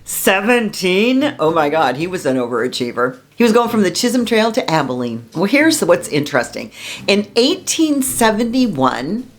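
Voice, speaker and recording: A woman's voice: lowish voice, big pitch swings, moderate pace. A woman from Southern California hosting a local history vlog, gushing and repeating words for emphasis. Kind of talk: enthusiastic casual vlog.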